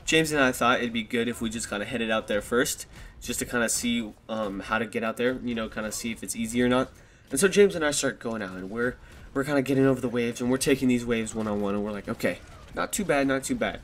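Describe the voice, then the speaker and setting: With slight background noise in the mix, a male vlogger in his twenties speaks fast at medium pitch into a desktop USB microphone. He tells his viewers a rambling, casual story, swearing often and chuckling at himself.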